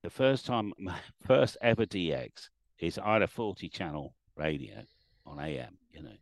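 Deep animated middle-aged man, storytelling guest, dry sound. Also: normal speed, creaky, dry recording. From England. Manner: animated storyteller, acts out quotes. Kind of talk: casual livestream chat.

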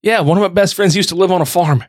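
Husky, laid-back joking man. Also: high voice, quick pace. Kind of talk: casual chat.

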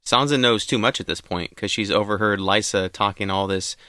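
A woman's voice: extremely low pitch, a little fast, no room sound, clean studio sound. A woman co-hosting a podcast, chatting casually and agreeably about a TV episode. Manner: relaxed, agreeable back-and-forth. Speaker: podcast co-host. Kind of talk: casual TV recap chat.

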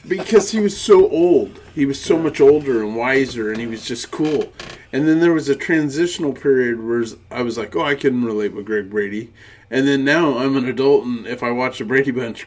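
A man's voice: medium pitch, moderate pace, darkish tone. A man co-hosting a podcast in casual chat, reminiscing and quoting old TV shows. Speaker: podcast co-host.

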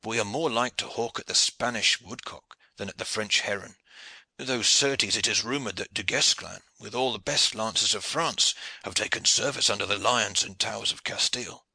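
A man's voice: on the low side, moderate pace, gravelly, sharp tone, husky, no echo, heavily acted. A man voicing a veteran English archer, boisterous and peppered with French oaths. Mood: hearty. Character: veteran male English archer, hearty and blunt.

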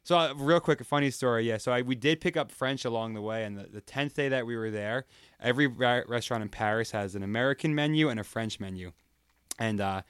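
Brief: male podcast guest, chatty storyteller, smooth resonant voice, close dry mic. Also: medium pitch, a bit bright, no echo. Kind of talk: casual chat.

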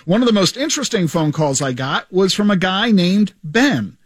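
A man hosting his radio show, telling stories in an animated, joking way into a studio microphone. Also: sits high, moderate pace, dry recording. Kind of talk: radio show retrospective monologue.

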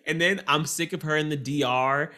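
A man co-hosting a casual chat about reality TV, animated and sassy, slipping into mocking quotes. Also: a little high, normal speed. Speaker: podcast co-host.

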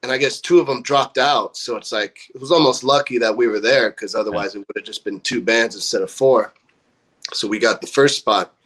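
A man's voice: mid-range voice, brisk. Young guy telling a profane tour story. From California. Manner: profane, animated storyteller acting out quotes. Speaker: band member. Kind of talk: casual storytelling.

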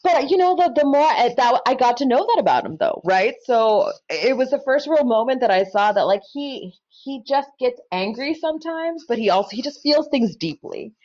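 A woman public defender telling her story on a podcast, loud and expressive. Her pitch leaps up and down as she talks. The recording sounds dull and lo-fi. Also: normal speed, few pauses.

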